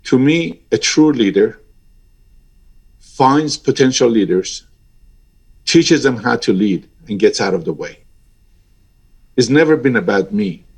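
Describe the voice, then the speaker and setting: A man's voice: mid-range voice, lively intonation, unhurried, long pauses, breathy edge. A man in his sixties, an airline pilot giving an interview, talking in a passionate and emphatic way that rises sharply when he gets stirred up. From Iran. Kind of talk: interview over a remote link.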